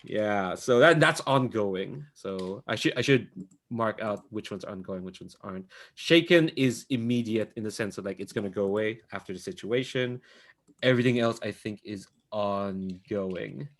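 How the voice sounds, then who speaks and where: A man's voice: lowish voice, normal speed. A man running a tabletop game as game master, rambling with many fillers and laughing often. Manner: rambling, full of ums and likes, laughs often. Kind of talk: casual tabletop game narration.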